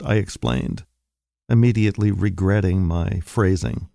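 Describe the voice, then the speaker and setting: A man reading a short story aloud in a slow, deliberate, wry manner, recorded at a studio microphone. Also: on the low side, vocal fry, mellow, dry recording. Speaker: reader. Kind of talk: scripted narration of short fiction.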